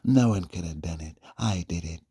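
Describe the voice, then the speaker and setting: Self-adoring braggart politician, mocked by a low husky man. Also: moderate pace, warm tone. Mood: bragging. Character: boastful male politician, pompous and self-adoring.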